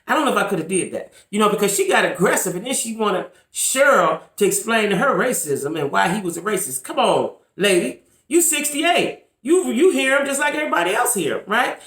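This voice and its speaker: A woman's voice: mid-range voice, expressive, fairly quick, few pauses, a bit bright, echoey room. A woman vlogging to camera in casual commentary, emphatic and repetitive, talking straight to her viewers. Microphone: camera mic.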